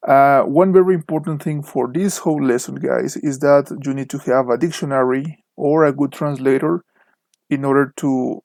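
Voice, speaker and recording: A man's voice: medium pitch, moderate pace, gravelly, a little mellow, dry recording. A young man with a Mexican Spanish accent, a native Spanish speaker, teaching English online and carefully modeling the stress of word pairs. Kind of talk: online lesson narration over slides.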